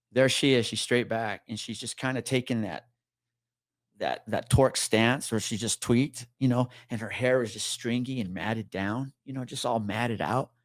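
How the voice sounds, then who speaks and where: A man, a police officer, telling a story in a casual podcast conversation, swearing freely and acting out the people he quotes. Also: mid-range voice.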